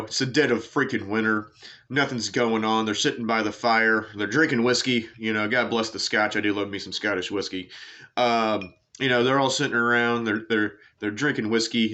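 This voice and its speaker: A man's voice: fairly low pitch, pushed and bright. A man hosting a sports show, rambling through a casual monologue with lots of fillers, tangents and casual swearing. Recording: dull lo-fi sound.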